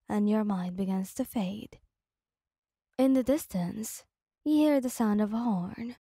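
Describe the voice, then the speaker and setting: A woman narrates a second-person ASMR story in a soft, unhurried way. Her voice sits a touch high yet sounds mellow and dark in tone, recorded dry and close. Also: dry recording.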